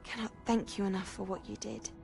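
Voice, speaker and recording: A woman's voice: mid-range voice, fairly quick, creaky, a little mellow, faint music behind, natural voice. An actress playing a young female student witch who speaks earnestly and with wonder, in video game dialogue.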